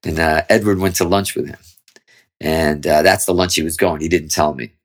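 A man's voice: a bass voice, fairly even intonation, normal speed. A man, a musician guest in an interview, telling a long story casually with lots of swearing and restarts. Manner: rambling, profane, with frequent restarts.

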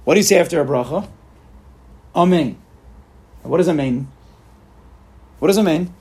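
A man leading an informal religious study group, animated and repetitive, acting out examples for his listeners. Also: on the high side, fast talker, husky. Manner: animated, repeats himself, acts out examples. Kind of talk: informal religious class talk.

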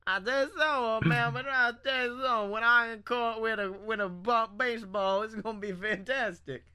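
A laid-back rural Southern man put on by a man rambles in a slow drawl. The voice sits high and bright. It is a comedy podcast bit. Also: steady tone, smooth.

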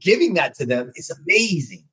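A man's voice: fairly high pitch, big pitch swings, normal speed, pushed and bright, slightly rough, low-quality recording. A man hosting a casual conversation, reflective and recapping points with asides. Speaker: podcast host.

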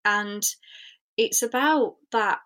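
A woman's voice: mid-range voice, slow, a bit bright. A young woman, a spiritual coach, talking earnestly and reflectively in a podcast interview, with many fillers.

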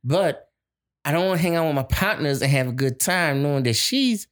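A man's voice: on the high side, expressive, moderate pace. A blunt man trades stories in a loose, casual chat with his partner. He talks in a profane, everyday way, pushing his point without holding back.

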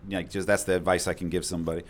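Low-voiced man recounting a call. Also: little pitch movement, racing. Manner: vivid retelling, acts out quotes loudly. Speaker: first responder telling his story. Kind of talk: conversational storytelling.

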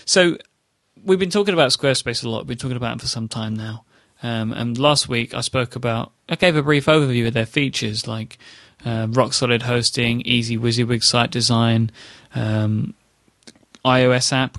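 A man's voice: medium pitch, creaky, fairly bright tone, dry recording. Chatty male podcast host, dry sound. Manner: chatty, enthusiastic ad read with fillers. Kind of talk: casual podcast chat with ad read.

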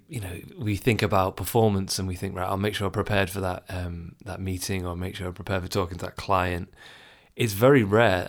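A man's voice: low-pitched, creaky. A man talking casually and reflectively about overthinking, chuckling now and then and acting out his inner thoughts. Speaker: self-help speaker. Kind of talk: casual advice talk to the listener.

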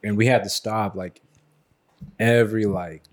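A man's voice: fairly low pitch, fairly even intonation, unhurried. A man in a casual chat with friends, talking in a laid-back way full of fillers.

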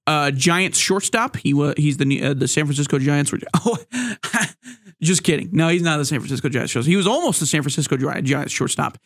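A man hosts a one-person sports podcast, his voice sitting a bit high for a man. He rambles through his points with fillers and restarts, slipping in playful jokes and asides. The sound is dry, with no room echo. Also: a little fast, few pauses. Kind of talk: solo sports commentary podcast.

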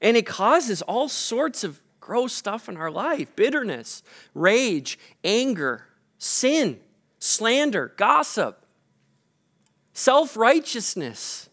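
A man's voice: very high voice, very animated, slow pace, fairly bright tone. A man, the pastor, preaching a sermon in a casual, conversational way with frequent fillers, recorded in a church.

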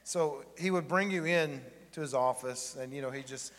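A man's voice: mid-range voice, moderate pace, few pauses, a bit bright, long reverb tail. A man pastor giving a sermon in a church, joking and chatting with the congregation. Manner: joking, conversational preaching with the congregation. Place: church sanctuary.

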